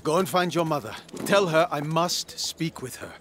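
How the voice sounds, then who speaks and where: A man's voice: on the high side, expressive, normal speed, fairly bright tone, slight background noise. An actor playing a stern noble father giving formal orders. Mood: commanding. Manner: formal, commanding.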